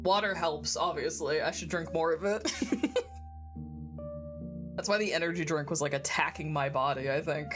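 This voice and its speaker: With game music behind her, a woman streamer chats casually as she games in a deep voice. Her intonation is fairly even, her pace moderate, and she leaves long pauses. She giggles frequently, swears freely, and her throat sounds phlegmy and congested.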